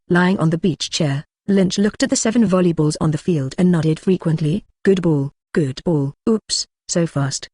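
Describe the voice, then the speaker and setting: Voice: mid-range voice, darkish tone, no room sound, clean studio sound. A synthetic-sounding narrator reading a translated web novel aloud, who reads symbols and sound words literally. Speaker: audiobook narrator.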